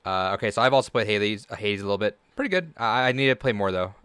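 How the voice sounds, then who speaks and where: A man hosting a casual gaming podcast, rambling and halting, often restarting his sentences. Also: on the low side, expressive, a bit bright, clean tone, dry recording. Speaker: podcast host.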